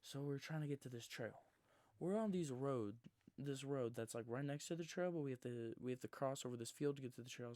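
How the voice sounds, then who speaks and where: A man in his twenties telling a rambling, slangy story in his own words, sometimes dropping into a hushed near-whisper. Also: medium pitch, no room sound. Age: 20s. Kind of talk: casual first-person storytelling.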